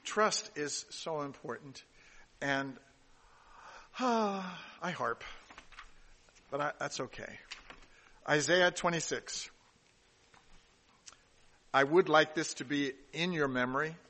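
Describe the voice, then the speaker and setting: A man's voice: on the high side, slow, pauses often, pushed and bright, long reverb tail. A man giving a sermon, reading scripture aloud and adding casual asides, with some restarts along the way. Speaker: pastor.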